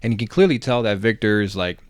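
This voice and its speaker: A man co-hosting a podcast, calmly recapping a TV scene and chiming in with agreements. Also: on the low side, a little fast, dry recording. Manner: relaxed, chimes in with short agreements and details. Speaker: podcast co-host. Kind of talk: casual chat recapping a TV episode.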